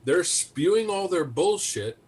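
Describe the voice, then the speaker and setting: Husky, blunt male panelist. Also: high-pitched, very animated, a little slow, a little mellow. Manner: blunt, profane, incredulous. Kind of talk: casual panel chat. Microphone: video call.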